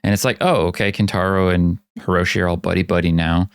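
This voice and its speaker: A man with a very low voice talks casually as a podcast host. He acts out quotes in a lively way, and the recording is dry and close. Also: quick pace, vocal fry, clear, resonant tone, dry recording. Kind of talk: casual chat.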